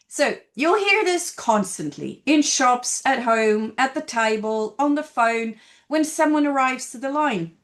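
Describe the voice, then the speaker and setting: Lively high-voiced woman teaching slowly. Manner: lively, demonstrative, stresses example phrases. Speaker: language teacher. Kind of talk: scripted video lesson.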